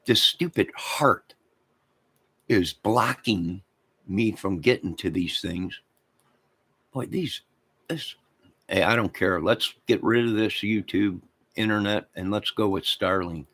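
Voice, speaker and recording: A man's voice: deep voice, a little slow, fairly bright tone. A man hosting a livestream, rambling crudely and talking to his chat viewers. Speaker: livestream host.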